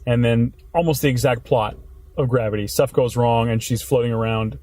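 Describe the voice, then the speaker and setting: A man's voice: mid-range voice, steady tone, darkish tone. A young man hosting a podcast, chatting casually and joking in a parked car. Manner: quick, joking, teasing. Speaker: podcast host. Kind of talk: casual chat.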